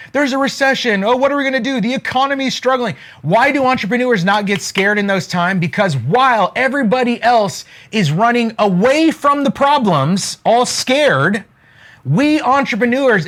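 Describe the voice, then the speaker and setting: A man giving an energetic motivational talk to a live chat, emphatic, repeating his key lines and asking viewers to answer. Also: high-pitched. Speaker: online money-mindset teacher.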